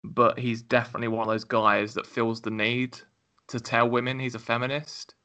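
A man's voice: mid-range voice, flat delivery, normal speed, bright, forceful tone. A man co-hosting a podcast, making dry, critical remarks about a film. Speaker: podcast co-host. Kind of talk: casual film review chat.

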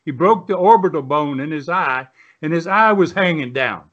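Fairly high in pitch and fairly bright, his voice carries lively intonation at a moderate pace. He's a former pro wrestler in his seventies from the US, a guest rambling through long folksy stories with many fillers and restarts, captured with dull lo-fi sound.

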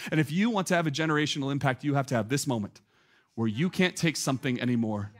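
A man in his thirties delivers a sermon as a pastor. His voice sits high for a man and stays animated and chatty, padded with filler words, and it climbs toward near shouts as he builds. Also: fast.

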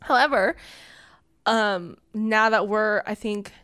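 A woman's voice: medium pitch, slow pace, a bit bright, clear, resonant tone. Young woman, podcast co-host, reflective, casual chat. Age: young adult.

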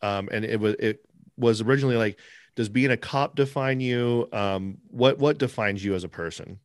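A man's voice: mid-range voice, moderate pace, dry recording, studio quality. A man with a Californian accent hosting a podcast, laid-back and casual, speeding up when he jokes. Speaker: podcast host. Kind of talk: casual interview chat.

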